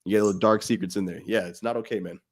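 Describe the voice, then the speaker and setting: A man's voice: on the low side, fairly even intonation, rapid-fire. Passionate emphatic male podcast host. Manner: passionate, emphatic, swears freely. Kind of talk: casual podcast discussion.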